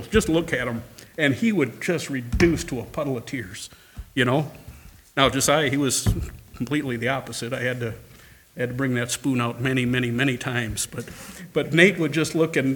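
A man's voice: mid-range voice, a bit bright, a little hiss or hum. A male pastor preaching a sermon, emphatic, repeating phrases and calling for amens.

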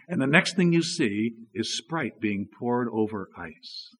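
A man preaching a sermon in a relaxed, conversational way, telling stories with frequent "you know" asides. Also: mid-range voice, slow pace, big-room sound. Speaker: pastor.

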